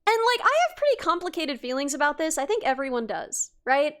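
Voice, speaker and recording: Young woman streamer, high voice, loose rambling chat to viewers, lots of ums and self-restarts, laughs easily. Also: big pitch swings, fairly quick, a bit bright. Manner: chatty and rambling, frequent restarts and fillers, laughs often. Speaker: livestreamer.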